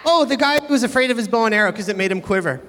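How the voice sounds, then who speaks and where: A man's voice: very high voice, animated, racing, fairly bright tone. A middle-aged man preaching a sermon as pastor, chatty and self-mocking, rambling between jokes. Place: church hall. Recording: reverberant church hall.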